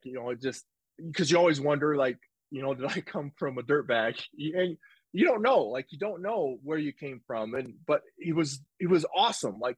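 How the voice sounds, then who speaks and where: Man, interview guest, casual storytelling, animated, many restarts, dry sound. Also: on the high side, dry recording, poor audio. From United States. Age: 20s. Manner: animated, rambling with restarts and quoted dialogue. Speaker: guest, former football player. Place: home office.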